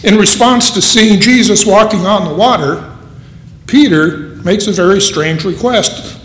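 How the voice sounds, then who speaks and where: Guy preaching a sermon, slow and earnest, echoey hall sound. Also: high voice, fairly bright tone, a little hiss or hum.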